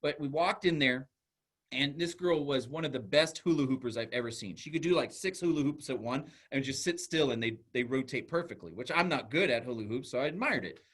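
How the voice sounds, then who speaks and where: A man giving a talk as a school psychologist, telling a classroom story in an earnest way with halting restarts. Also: mid-range voice, expressive, fairly bright tone. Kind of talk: storytelling presentation.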